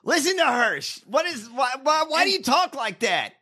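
A man's voice: extremely high pitch, big pitch swings, normal speed, bright, forceful tone. A man co-hosting a podcast, ranting and mocking in casual, profane talk. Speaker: podcast co-host. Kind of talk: casual chat.

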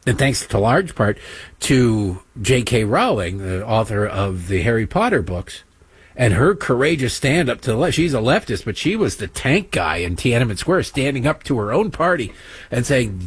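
Sarcastic, animated male talk host. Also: medium pitch, moderate pace, husky, no room sound. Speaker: political talk show host. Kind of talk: opinionated monologue with mocking impressions.

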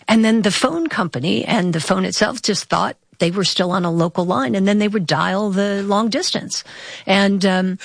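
A woman's voice: mid-range voice, moderate pace, creaky, no echo, studio quality. A woman guest on a radio discussion, explaining things in a chatty way with frequent restarts. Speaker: guest commentator.

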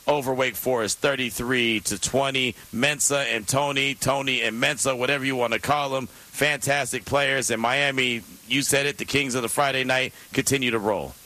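A man co-hosts a sports radio show, running through scores and upcoming games. His voice is bright and forceful at a middle pitch, and he talks in an animated, jokey way. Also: moderate pace, few pauses, rough recording. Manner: animated, jokey, playful emphasis.

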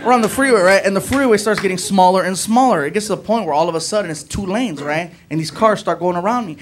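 A man doing stand-up comedy, telling a story in an animated way that swings up to shouting. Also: high voice, quick pace. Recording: noisy live recording.

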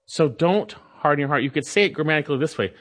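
Guy preaching a sermon, kinda high voice, earnest and punchy. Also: fast talker, fairly bright tone. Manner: earnest preaching, rising emphasis, mimics grumblers. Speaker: pastor.

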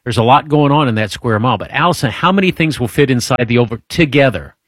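A man hosts a casual, radio-style trivia quiz, chatty and jokey, wandering through his explanations and restarting sentences. His mid-range voice is expressive and a bit bright, moving at a quick pace. The studio-quality recording has no echo.

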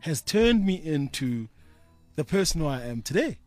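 Lively, emphatic male co-host. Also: a little high, normal speed, soft background music. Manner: playful, emphatic, repeats himself. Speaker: radio co-host. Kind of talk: casual radio chat. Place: radio studio.

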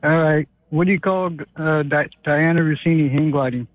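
Caller guy cracking a joke, kinda high voice, tinny dry phone. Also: normal speed, no echo. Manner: joking, delivering a punchline. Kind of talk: casual call-in radio banter.

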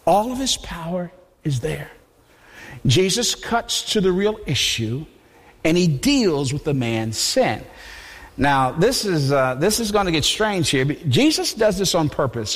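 High-voiced animated preacher. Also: male voice, measured pace, husky. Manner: animated, conversational, repeats words. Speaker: pastor. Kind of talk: sermon. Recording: long hall reverb.

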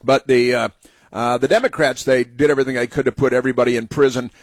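A man's voice: mid-range voice, fast talker, no room sound. A man hosting a political talk radio show, rambling and emphatic, full of fillers and restarts. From United States. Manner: emphatic, opinionated. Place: radio studio.

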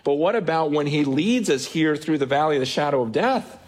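A man's voice: on the high side, expressive, fairly quick. A man preaching a sermon to a congregation, earnest and searching, acting out the inner voices of doubt and faith. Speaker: pastor.

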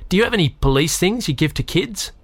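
A man's voice: high-pitched, expressive, quick pace, a bit bright, husky, no echo, pitched above the performer's own voice, full character voice. A man doing an eager young schoolboy. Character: boy, eager curious schoolboy.

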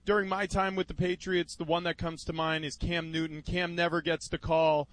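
A man, a former pro football player, co-hosting sports talk radio in a measured, explanatory way. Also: on the high side, flat delivery, fairly bright tone, dry recording, poor audio. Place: radio studio.

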